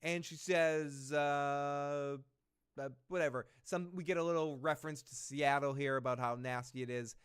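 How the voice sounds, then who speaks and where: A man's voice: fairly high pitch, steady tone, normal speed, smooth. Profane, rambling man recapping a show. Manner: rambling, profane, retells scenes with quoted lines. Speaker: podcast host. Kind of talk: casual recap chat.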